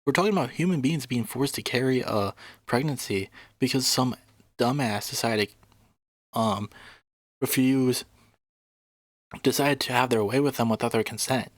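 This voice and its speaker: Man, reaction commentary, indignant, swearing, mid pitch, dry sound. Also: normal speed, pauses often, no room sound. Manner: indignant, swears freely, laughs scornfully. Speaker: reaction video host.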